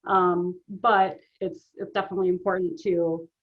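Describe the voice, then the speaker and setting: A woman's voice: lowish voice, level tone, moderate pace, narrow, tinny audio, a little hiss or hum. A middle-aged woman speaking as an interview guest, earnest and conversational, often checking in with "right?" and filler ums. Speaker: guest, author and business owner.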